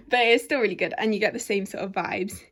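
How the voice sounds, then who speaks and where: A young woman from England talks through her bookshelves in a loose, chatty way. She rambles, fills gaps with ums and breaks into small giggles, with her voice sitting at an ordinary middle pitch. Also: fast, fairly bright tone, a little hiss or hum. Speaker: book vlogger. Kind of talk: casual bookshelf tour. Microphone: handheld camera.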